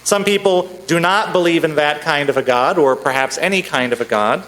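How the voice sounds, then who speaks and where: A man giving a sermon in a church sanctuary, telling a joke in a measured storytelling way. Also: on the high side, fairly bright tone, low-quality recording. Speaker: minister.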